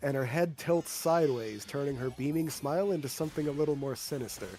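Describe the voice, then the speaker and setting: A man's voice: medium pitch, fast, over music. A man running a tabletop game as game master, narrating scenes in a casual, descriptive way and directing the players.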